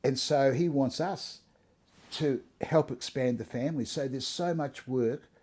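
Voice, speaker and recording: Earnest man, mellow voice. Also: mid-range voice, unhurried, breathy edge. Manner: earnest, conversational, frequent restarts and "you know". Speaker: interviewee sharing his testimony. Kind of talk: casual interview.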